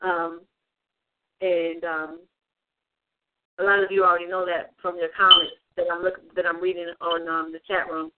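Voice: medium pitch, level tone, normal speed, pauses often, heavy background noise. An online religious speaker giving an informal livestream talk, rambling with many fillers and repeated phrases. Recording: tinny phone-like sound.

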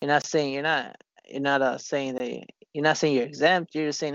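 A man talks in loose, rambling casual chat, full of restarts and curse words. His voice is gravelly and sits in a middle pitch. The recording is dry and close but dull and lo-fi. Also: fairly bright tone, no echo. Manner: rambling, profane and halting with many restarts. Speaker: conversation partner.

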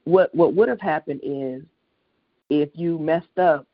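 Husky-voiced preacher, impassioned and repetitive, heard over a muffled phone line. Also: mid-range voice, takes it slowly. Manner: impassioned, repetitive, swells to loud peaks. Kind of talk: sermon on a prayer line.

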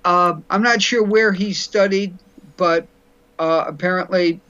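A man's voice: high voice, steady tone, unhurried, pushed and bright, clean tone. A man giving sarcastic, folksy political commentary as a guest on a talk show, with blunt jokes and stumbling restarts. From New York. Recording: dull lo-fi radio audio.

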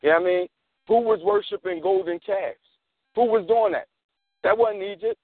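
A man's voice: high-pitched, normal speed, vocal fry, dry recording. A man calling in to a radio show, arguing heatedly and repeating himself insistently. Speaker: caller. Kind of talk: heated on-air argument. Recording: tinny phone line.

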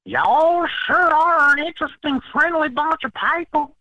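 High, drawling boy. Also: expressive, unhurried, sharp tone, lo-fi sound, heavily acted. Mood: cheery. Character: cheerful, friendly young Southern man visiting town.

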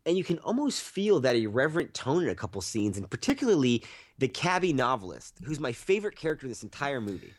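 A man's voice: medium pitch, sing-song, quick pace. A man co-hosting a movie podcast, telling stories in a rambling, profane, laughing way. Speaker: podcast co-host. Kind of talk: casual movie-review chat.

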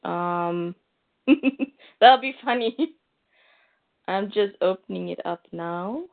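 A woman's voice: medium pitch, very slow, gravelly. Hesitant lady chatting, lots of ums, tinny phone sound. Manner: hesitant, searching for words. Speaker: podcast co-host. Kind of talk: casual chat. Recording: phone-like line.

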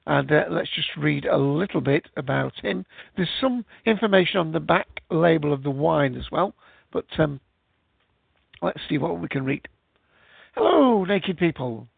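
A man's voice: a little high, normal speed, vocal fry, husky, no room sound. A man hosting a casual live show, chatting in a rambling way with many fillers. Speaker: podcast host. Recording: tinny, phone-like, dry sound.

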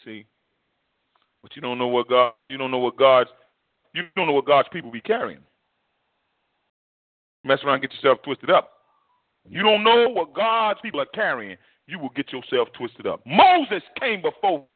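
A male pastor preaching a sermon in an animated, repetitive, vernacular way. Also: on the high side, normal speed, pauses often, no room sound. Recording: tinny phone-like dry recording.

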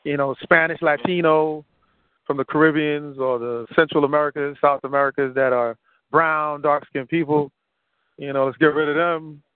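A man's voice: fairly high pitch, flat delivery, normal speed, smooth, dry recording. A man talking casually on a call, rambling and piling up examples, a bit winded. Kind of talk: casual conversation. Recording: tinny phone line.

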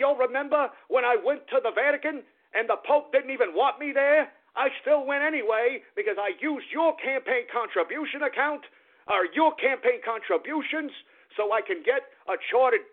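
Radio guy doing a gloating old politician, smug and sneery, high voice, tinny phone sound. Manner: gloating, sneering mock confession.

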